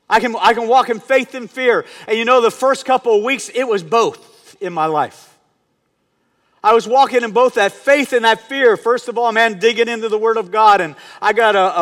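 A middle-aged male pastor preaching a sermon, earnest, dropping to hushed tones and rising to emphatic bursts. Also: sits high. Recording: long hall reverb.

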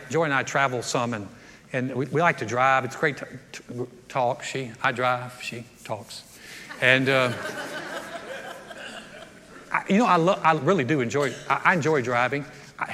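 A man's voice: on the high side, a bit bright. A man preaching a sermon as a pastor, telling stories in a folksy way and acting out the voices of the people in them. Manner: folksy storytelling with acted-out voices. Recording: long hall reverb.

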